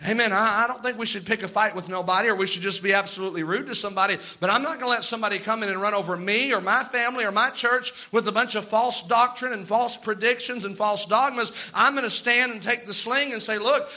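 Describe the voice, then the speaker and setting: Bright-voiced emphatic preacher man. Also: sits high. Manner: emphatic, preaching with quoted asides and slow stressed lines. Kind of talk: sermon.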